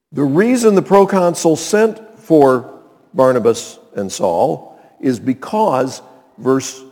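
A man's voice: a little high, darkish tone. A man preaching a sermon as pastor, emphatic and checking in with his listeners. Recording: long reverb in a large hall.

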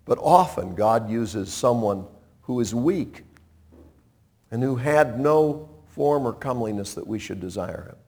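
A man preaching a sermon, retelling a story in a conversational way, with dramatic swings from loud to hushed. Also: mid-range voice, unhurried. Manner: animated, conversational, dramatic shifts in loudness.

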